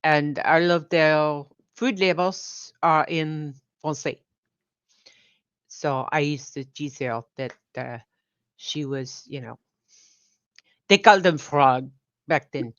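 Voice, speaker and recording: A woman guest in a casual chat, telling rambling stories slowly. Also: low-pitched, smooth, no room sound, muffled recording. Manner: slow, rambling storyteller.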